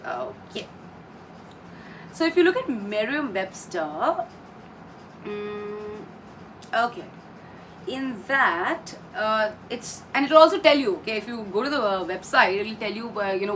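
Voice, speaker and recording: This Indian woman works as an English pronunciation trainer, teaching online with a slightly high, bright, forceful voice. She explains patiently step by step and repeats words for practice. The mic sits a bit far away, and faint background noise can be heard.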